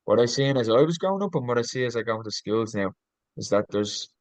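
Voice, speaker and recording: A man's voice: medium pitch, animated, fast talker, dry recording, rough recording. A man, a coach on a podcast, talking reflectively and earnestly, often restarting his sentences and searching for words with ums. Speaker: podcast guest, leadership coach.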